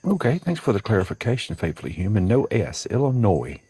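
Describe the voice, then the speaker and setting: A man's voice: lowish voice, sing-song, quick pace, mellow, slightly rough, dry recording, rough recording. A man with a Southern US accent hosting a casual livestream from a porch at dawn, chatting and greeting viewers by name. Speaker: livestream host.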